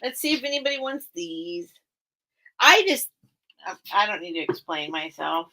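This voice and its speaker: A woman's voice: on the low side, sing-song, moderate pace, sharp tone. A woman hosting a casual live-stream sale, chatting and thinking aloud as she greets viewers by name. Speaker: live online sale host.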